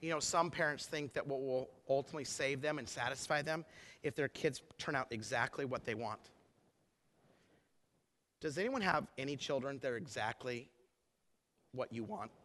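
A man's voice: mid-range voice, moderate pace, pauses often, a bit bright. A middle-aged man, a pastor, preaching a sermon in an emphatic, conversational way, full of rhetorical questions to the congregation. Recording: echoey hall with long reverb.

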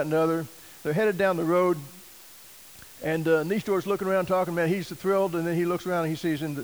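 A man preaching a sermon, telling a story in a folksy, animated way and acting out quoted voices. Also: a little high, poor audio. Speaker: missionary preacher.

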